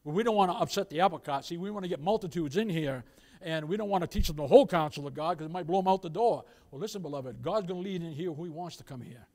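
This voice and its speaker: An older man preaching a sermon, moving from soft storytelling to loud, impassioned warnings. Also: on the high side, fast talker. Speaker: pastor. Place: church sanctuary.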